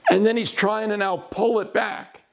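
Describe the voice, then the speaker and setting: Man, lawyer, high voice, middle-aged, deliberate short phrases, recounting a case. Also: level tone, gravelly. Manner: deliberate, broken into short phrases, with slowed emphasis.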